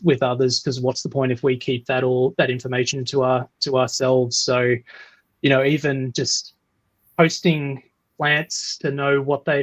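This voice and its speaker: A man from a botanic garden sharing advice as a panelist, enthusiastic and steady. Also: medium pitch, dry recording, dull audio. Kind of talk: casual advice.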